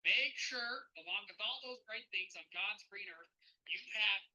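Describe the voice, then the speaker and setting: A man's voice: high-pitched, a little slow, sharp tone, muffled recording, a little hiss or hum, heavily acted. A man putting on a playful mock Canadian accent as a jokey, upbeat Canadian guy. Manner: hammy, playful, sing-song.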